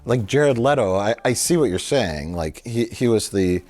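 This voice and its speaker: Low-voiced man rambling casually. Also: expressive, a little mellow. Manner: rambling, halting, full of fillers; jokey, slips into silly voices. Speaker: film review show co-host. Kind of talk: casual movie chat.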